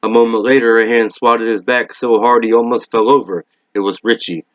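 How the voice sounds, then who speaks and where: A man reading a novel aloud in a steady, measured way, in a dull lo-fi recording. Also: mid-range voice, no echo. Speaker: reader.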